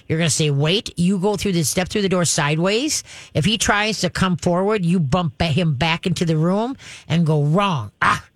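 A woman's voice: fairly low pitch, dry recording. Woman radio host, direct and instructive, chatty advice voice, dry close sound. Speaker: radio show dog trainer host. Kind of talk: advice call-in talk.

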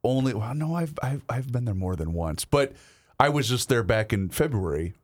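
A man co-hosting a casual chat show, telling stories in a relaxed, chatty way. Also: medium pitch, moderate pace. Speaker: co-host.

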